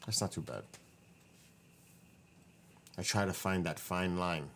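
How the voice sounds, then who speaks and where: Here the streamer's low voice moves at a slow pace with a fairly bright tone. Tired and running out of voice, he chats casually with viewers from his living room, rambling, self-correcting, and reading chat.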